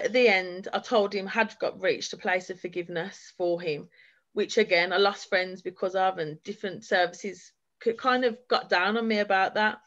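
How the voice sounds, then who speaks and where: A woman speaking as a forum guest, giving an earnest and heartfelt account of her own experience. Her voice sits at an ordinary middle pitch, and her sentences run on in long, flowing stretches. The recording is a little dull and lo-fi. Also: fairly bright tone. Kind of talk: personal testimony at a forum.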